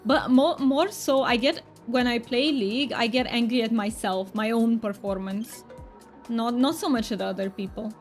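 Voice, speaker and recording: A woman's voice: fairly high pitch, moderate pace, close to an everyday voice. Woman putting on a thick fake Romanian accent. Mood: playful. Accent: put-on thick Romanian accent. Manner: playful, thanks viewers often. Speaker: game streamer. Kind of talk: casual live-stream chat. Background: faint background music.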